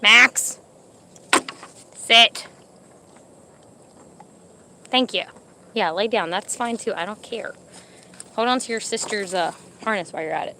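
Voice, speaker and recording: A young pregnant woman who vlogs with her service dogs speaks slowly, with long pauses, in a bright, forceful, medium-pitched voice. At an outdoor dog park, she chats casually to a live stream and gives her dogs commands, a little out of breath in the heat, with a slight hiss or hum in the audio.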